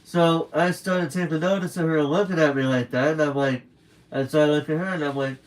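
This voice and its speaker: Late at night at home, a young man streams a rambling, casual story, voicing the people he quotes. His voice is a little high, fairly even in intonation, and fairly quick, on a rough recording.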